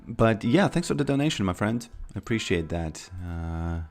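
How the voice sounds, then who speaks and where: A man's voice: on the low side, sing-song, moderate pace, creaky, darkish tone, soft background music. A man streaming a video game, chatting casually in a rambling way, often stammering and repeating his words. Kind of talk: casual gameplay commentary.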